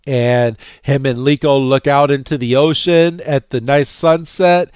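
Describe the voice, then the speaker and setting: A man co-hosting a podcast, casually recapping a cartoon episode and acting out the characters' lines with a jumpier, higher voice, full of fillers and repeats. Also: unhurried, smooth, dry recording, clean studio sound. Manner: animated retelling, acting out characters' lines with raised pitch; many fillers and repeated words. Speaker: podcast co-host.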